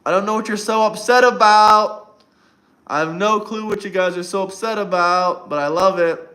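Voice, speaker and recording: A man's voice: high-pitched, normal speed, bright, forceful tone. A man hosting a casual livestream, talking to his chat and teasing viewers in a mocking way. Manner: mocking, taunting chat banter. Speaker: livestream host.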